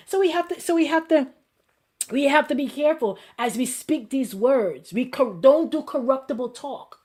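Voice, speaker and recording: A woman pastor giving a conversational sermon as host of her show, lively and repetitive, acting out the people she quotes. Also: high voice, brisk.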